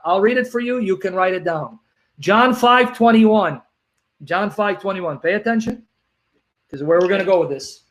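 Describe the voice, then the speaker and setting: A man debating religion, reading verses aloud slowly and repeating references with emphasis. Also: high voice. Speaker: Christian apologist.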